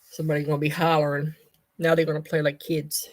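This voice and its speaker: A woman's voice: low voice, little pitch movement, fast. A woman with a Southern US accent chatting casually on a live stream, rambling from topic to topic and breaking off to call her cat.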